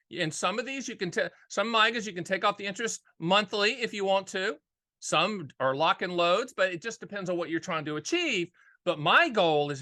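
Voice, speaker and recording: A man hosting a casual monologue on annuities, energetic and jokey, repeating key phrases for emphasis. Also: high voice. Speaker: annuity agent and show host.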